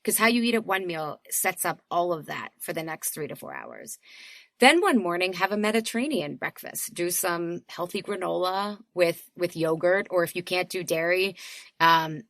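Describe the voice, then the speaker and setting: A woman in her thirties, a guest on a podcast, talking in a lively casual way, laughing often and acting out little quotes. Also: fairly low pitch, moderate pace, no room sound. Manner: animated, laughs often, acts out voices in quotes. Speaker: podcast guest, health coach. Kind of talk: casual chat.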